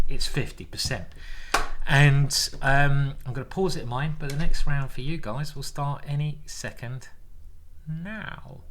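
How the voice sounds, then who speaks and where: Male chess grandmaster narrating his own games live, excitable, talking through every move. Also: medium pitch, slight background noise. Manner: excitable, thinking aloud. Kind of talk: live game commentary.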